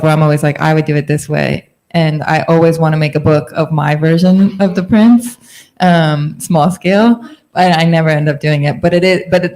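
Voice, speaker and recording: A woman's voice: deep voice, darkish tone. Candid woman on a panel. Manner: candid, self-correcting. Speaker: printmaker, panel guest. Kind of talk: casual panel talk.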